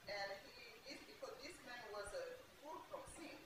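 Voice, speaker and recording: A woman in a Bible class offering a comment, halting and hesitant with many pauses. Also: on the high side, very animated. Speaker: class participant. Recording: very echoey, far from the mic, noisy.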